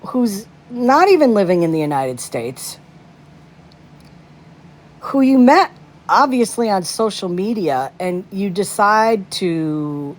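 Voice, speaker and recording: A woman's voice: mid-range voice, big pitch swings, slow pace. A woman ranting in casual commentary on a phone livestream, indignant and piling up rhetorical questions.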